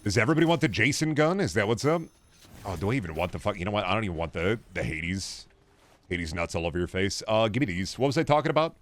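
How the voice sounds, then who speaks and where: A man's voice: lowish voice, expressive, fast. A man in his twenties streaming a video game, chatting casually and answering his chat in a rambling, jokey, profane way. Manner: talks back to chat while playing. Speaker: gaming streamer. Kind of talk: casual gaming livestream chatter.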